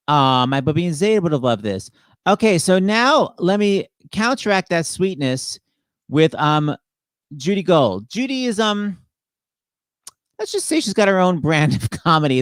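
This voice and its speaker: A man's voice: a little high, very animated, unhurried, clean tone, dry recording. A man hosting a show who introduces guests in a gushing, enthusiastic, casual way. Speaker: host. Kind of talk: casual chat.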